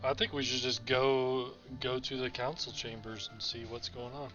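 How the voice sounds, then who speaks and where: Bright-voiced player on a dull mic. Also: male voice, mid-range voice, level tone, normal speed, soft background music. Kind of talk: casual game chat.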